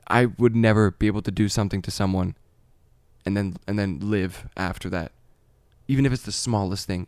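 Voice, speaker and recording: A man's voice: fairly low pitch, a little mellow, dry recording. Rambling man chatting casually, dry sound. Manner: rambling, swears, laughs at his own points.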